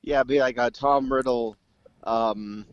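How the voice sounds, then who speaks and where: Male co-host, mid-pitched, meandering delivery, muffled dry recording. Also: fairly even intonation, takes it slowly, no echo. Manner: rambling, many restarts and fillers. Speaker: podcast co-host. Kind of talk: casual chat. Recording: dull, dry lo-fi mic.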